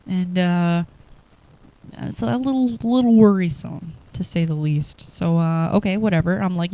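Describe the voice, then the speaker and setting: A woman's voice: lowish voice, moderate pace, warm tone. A young woman telling a rambling personal story to the camera, laid-back and full of fillers. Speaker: vlogger.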